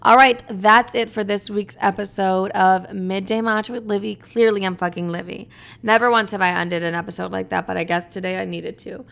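A woman's voice: mid-range voice, fairly even intonation, brisk, gravelly, fairly bright tone. A woman in her twenties hosting a casual solo podcast, chatty and playful, swearing freely and saying "like" constantly. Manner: chatty, profane, playful, says "like" a lot. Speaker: podcast host.

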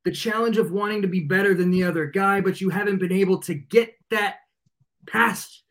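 A man with a high voice cuts a cocky wrestling promo. He taunts his rival with a menacing, smug edge. His delivery sounds like a guest on a wrestling podcast. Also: normal speed, fairly bright tone.

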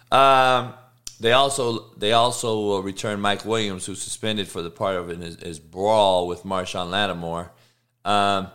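A man's voice: lowish voice, fairly bright tone. A man hosting a sports betting show, reading injury news in a casual, offhand way with frequent swearing. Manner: profane, offhand, reads news aloud.

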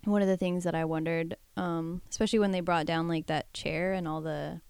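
A woman's voice: on the low side, steady tone, brisk, a little mellow, clean tone, no echo. A woman co-hosting a casual chat, joking and rambling with playful asides. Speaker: podcast co-host.

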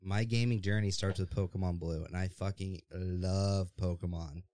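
A young man with a lowish voice talks casually as a podcast guest. He jokes around and trails off into fillers as he goes. His close-miked voice sounds dry, with no room around it. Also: fairly even intonation, moderate pace, dark tone, no room sound. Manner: laid-back, joking, trails off with fillers. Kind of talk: casual chat.

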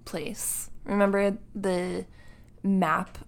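A woman's voice: mid-range voice, fairly even intonation, very slow, gravelly. A woman co-hosting a casual movie review podcast, chatty and full of interjections. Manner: chatty, with frequent interjections and laughter. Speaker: podcast co-host.

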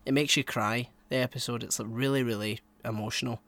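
A man's voice: mid-range voice, steady tone, brisk, no room sound. Rambling male podcast co-host. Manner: rambling, swings between mumbled asides and loud exclamations. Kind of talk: casual podcast chat.

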